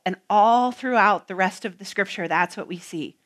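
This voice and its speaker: A woman preaching a sermon, earnest and emphatic, with rhythmic repetition and some soft, hushed passages. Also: mid-range voice, moderate pace.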